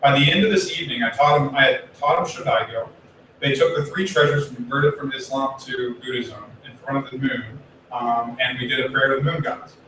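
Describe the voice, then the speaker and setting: A man's voice: mid-range voice, fairly quick, bright, forceful tone. Man preaching casually in an echoey temple hall. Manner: chatty, acts out quoted voices, swears casually. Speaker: Buddhist minister. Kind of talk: casual storytelling sermon. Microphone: distant room mic. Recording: very echoey hall, from far off, faint room noise.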